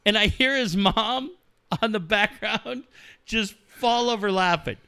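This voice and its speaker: A man's voice: high voice, expressive, fairly quick, bright, forceful tone, clean tone, dry recording. A middle-aged man, a guest on a talk show, telling profane, joking stories about his kids and acting out the quotes. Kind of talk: casual storytelling chat.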